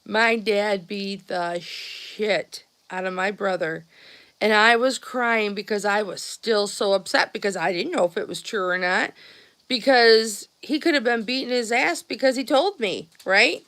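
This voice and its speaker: Her pace a little slow and her medium-pitched voice fairly bright, a middle-aged woman vlogs live to her viewers. She tells a childhood story in a chatty, casual way, acting out the characters.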